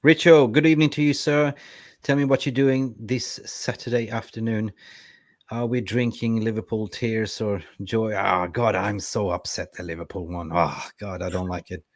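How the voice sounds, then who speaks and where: Guy reading out live chat on a footy fan stream, lowish voice, dry close sound. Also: moderate pace, no room sound. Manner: lively, reads viewer comments aloud. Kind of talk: casual football fan chat.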